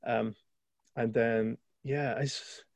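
A man's voice: medium pitch, fairly even intonation, takes it slowly, gravelly, no room sound. A man co-hosting a podcast, chatting casually and enthusiastically about a film, rambling with restarts. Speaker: podcast co-host.

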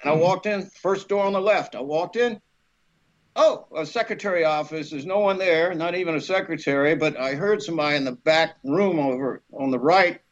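Guy actor spinning a story on a podcast, voice a bit high, kinda dull lo-fi sound. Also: moderate pace. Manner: lively anecdote teller, acts out voices, laughs often. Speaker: actor guest. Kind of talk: animated storytelling.

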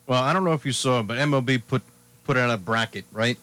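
On a casual sports talk radio show, a man speaks in an easygoing, chatty way, fast and with a sharp tone. His voice sits at an ordinary middle pitch as he rattles through his picks one after another.

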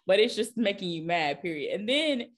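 A woman's voice: mid-range voice, normal speed. A woman co-hosting a podcast in casual chat, telling stories with lots of laughter. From American South. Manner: animated, laughing storyteller. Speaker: podcast co-host.

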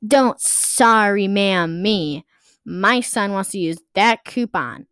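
A woman's voice: medium pitch, animated, takes it slowly, fairly bright tone, no room sound, clean studio sound. A woman voicing an angry, entitled mother who screams and demands to see the manager. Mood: indignant.

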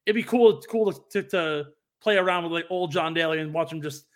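Brisk and a little high, a young male podcast co-host tells a story in casual chat, with plenty of fillers and restarts along the way.

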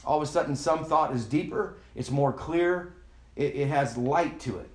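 A man's voice: fairly high pitch, normal speed. A man preaching a sermon in a loose conversational way, often having the congregation repeat words back to him. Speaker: pastor. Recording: echoey room.

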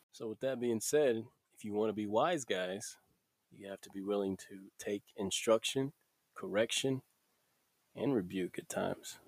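A man's voice: on the low side, dry recording. A man hosting his own podcast, talking casually about scripture, reading verses aloud and chuckling between thoughts. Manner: relaxed and conversational, chuckles often, reads scripture aloud. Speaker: podcast host. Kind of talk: casual devotional podcast talk.

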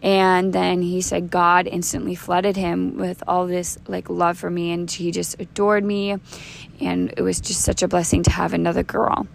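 A woman's voice: lowish voice, monotone, normal speed, creaky, a little hiss or hum. A woman in her thirties hosting a podcast, telling her own faith testimony in an earnest, conversational way, with frequent restarts and fillers. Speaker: podcast host.

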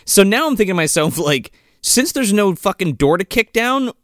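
A man's voice: high-pitched, very animated, moderate pace, fairly bright tone, no echo, studio quality. A man co-hosting a casual movie review podcast who swears freely and laughs often. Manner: profane, laughs often, jumps in with jokes. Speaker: podcast co-host.

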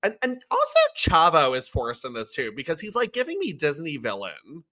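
A man co-hosts a casual podcast chat with a bright, ringing voice. His pitch leaps around as he tells stories animatedly. He sits a little above the usual male range. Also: normal speed. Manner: animated storyteller, acts out quotes. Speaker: podcast co-host. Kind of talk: casual chat recapping wrestling.

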